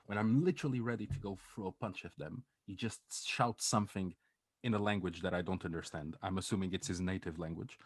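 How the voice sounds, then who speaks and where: A man co-hosting a podcast, telling a story in a casual, animated way, swearing and laughing as he goes. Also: fairly low pitch, fairly quick, no room sound. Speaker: podcast co-host.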